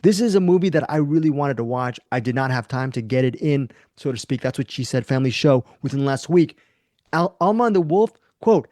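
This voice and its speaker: A man hosting a casual film review podcast in a deliberately lively, animated way. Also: dry recording, clean studio sound. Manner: animated, self-described high lively voice. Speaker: podcast host.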